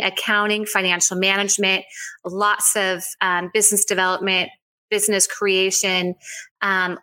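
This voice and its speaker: A woman in her forties answers podcast questions with a bright, forceful tone. She is gracious and keeps her answers going in long, flowing runs. Her pitch sits in an ordinary middle range. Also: low-quality recording. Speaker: whiskey company founder, guest. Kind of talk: podcast interview.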